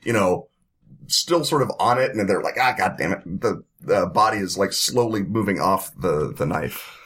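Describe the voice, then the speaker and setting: Low-voiced guy running a tabletop game, rambly, lots of ums and sound effects. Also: lively intonation, normal speed, fairly bright tone, slightly rough. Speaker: game master.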